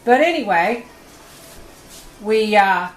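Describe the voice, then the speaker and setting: A woman's voice: medium pitch, lively intonation, slow, slight background noise. Chatty folksy woman demonstrating in her kitchen. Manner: chatty and folksy, talks through each step. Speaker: homestead vlogger demonstrating food preservation.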